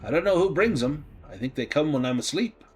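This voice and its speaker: A man's voice: fairly high pitch, very animated, a little fast, a little mellow, soft background music, voice pushed up. A man voicing an easygoing male graveyard keeper who rambles in a folksy, rustic way. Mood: rambling.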